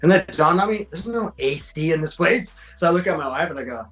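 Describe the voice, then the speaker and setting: A man's voice: a little high, fast talker, fairly bright tone, soft background music, rough recording. A man in his forties, a podcast guest, telling stories in casual chat, slangy and swearing, acting out quotes. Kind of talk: casual storytelling.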